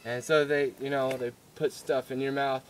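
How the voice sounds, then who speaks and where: A man's voice: medium pitch, flat delivery, normal speed. A young man telling a story in a casual vlog, rambling and giggly, with many fillers and restarts. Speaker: vlogger.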